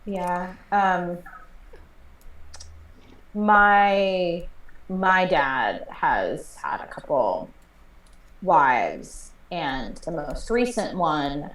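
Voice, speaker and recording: A woman's voice: fairly low pitch, expressive, drawn-out words, pauses often, a bit bright, distant mic. A young woman playing a character in a tabletop game, rambling with lots of fillers. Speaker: player. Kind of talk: in-character improvised role-play. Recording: roomy sound from off-mic.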